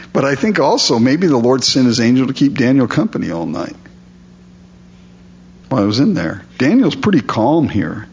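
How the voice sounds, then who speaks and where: A man preaching a sermon, reading scripture aloud and then explaining it in a relaxed, conversational way. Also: mid-range voice, highs cut off, a little hiss or hum. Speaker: pastor.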